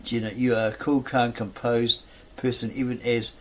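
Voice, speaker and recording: A man's voice: medium pitch, little pitch movement, moderate pace, a bit bright. A man reading a fan story aloud, rambling and correcting himself as he goes.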